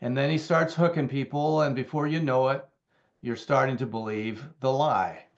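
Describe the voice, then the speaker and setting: Male Bible teacher, mid-pitched, conversational and emphatic, mildly muffled recording. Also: fairly even intonation, normal speed. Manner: conversational, with fillers and emphatic repetition. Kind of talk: Bible teaching, reading and explaining scripture.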